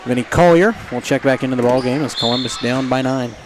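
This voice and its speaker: Male play-by-play caller, energetic and jokey, noisy gym feed. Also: medium pitch. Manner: excitable, jokey, quickens on big plays. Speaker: play-by-play announcer. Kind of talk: live basketball commentary. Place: high school gym.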